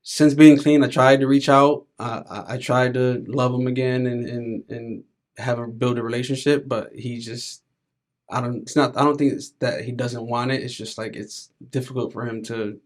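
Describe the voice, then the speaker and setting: A man's voice: mid-range voice, steady tone, moderate pace. A man in his thirties, a podcast guest speaking candidly and reflectively in casual conversation, with frequent filler words.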